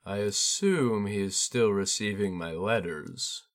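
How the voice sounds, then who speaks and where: A man voicing a reserved, homesick young noblewoman who speaks flatly and with quiet sarcasm in a storybook reading. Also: lowish voice, measured pace, natural voice. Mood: guarded. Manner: flat, guarded, quietly sarcastic.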